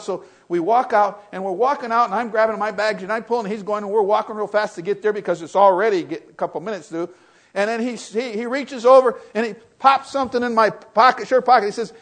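An older man preaching a sermon, telling stories that swing from loud, excited retellings to quiet reflection. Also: quick pace. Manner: storytelling, rises loud and high in excitement, drops to soft and low when reflective.

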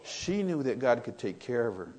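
An older man preaching a sermon, telling stories that swing from loud, excited retellings to quiet reflection. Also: normal speed. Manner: storytelling, rises loud and high in excitement, drops to soft and low when reflective.

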